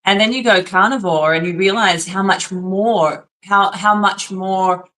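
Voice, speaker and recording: A woman with an Australian accent speaks as an interview guest. She talks eagerly and laughs often while telling her story, in a mid-pitched voice. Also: fairly even intonation, measured pace, bright, forceful tone.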